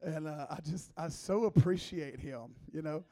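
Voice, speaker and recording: A man's voice: fairly high pitch, a little slow. A man in his thirties preaching as a guest, a joking, conversational sermon full of teasing asides. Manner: playful, teasing, lively asides.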